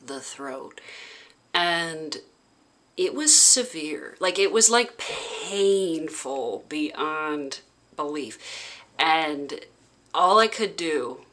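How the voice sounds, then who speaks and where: A woman vlogger recounting a personal experience in casual, halting speech full of "like" fillers. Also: deep voice, lively intonation, sharp tone.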